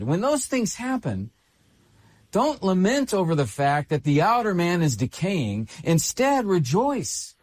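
Male pastor, sermon delivery, animated intonation, repeats key phrases. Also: a little high. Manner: expressive preaching, repeats phrases for emphasis.

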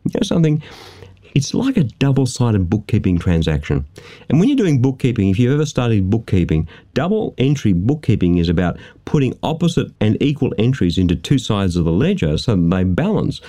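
Male studio preacher with a warm, mellow tone and an emphatic sermon delivery. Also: fairly low pitch, big pitch swings, fairly quick. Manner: emphatic preaching, rhetorical questions.

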